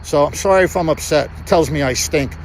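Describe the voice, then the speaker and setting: An agitated man rants outdoors for his vlog, circling back over the same points. His voice sits high, and faint street noise runs behind him. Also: a little fast, poor audio. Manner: agitated, repetitive, rambling. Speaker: citizen reporter. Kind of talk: angry vlog rant.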